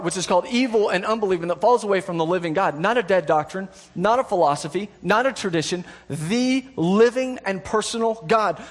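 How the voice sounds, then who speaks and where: A man preaching a sermon, conversational and self-deprecating at times, earnest with emphatic repetition. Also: sits high.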